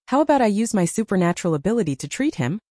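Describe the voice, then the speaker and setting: A woman's voice: medium pitch, very animated, very fast, dry recording, studio quality. A woman voicing a kind-hearted, frugal young woman in an audiobook. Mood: practical. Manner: gentle, practical. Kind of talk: audiobook character voice.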